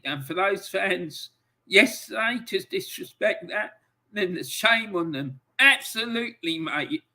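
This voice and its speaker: A man's voice: high voice, sharp tone. A man hosting a football livestream, ranting angrily and emotionally, swearing and reading out chat messages. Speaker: football channel host.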